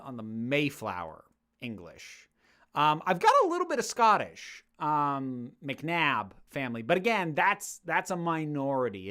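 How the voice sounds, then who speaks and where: Answering chat questions on his livestream, a YouTube host from the United States jokes and rambles, stumbling through fillers and restarts. He speaks at medium pitch in a pushed, bright voice with a clean tone.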